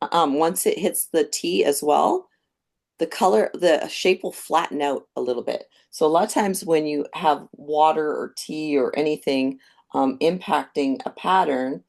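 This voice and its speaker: Creaky-voiced woman teaching painting. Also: low voice. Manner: calm step-by-step explaining, thinking aloud. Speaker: painting instructor. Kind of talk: live painting demonstration.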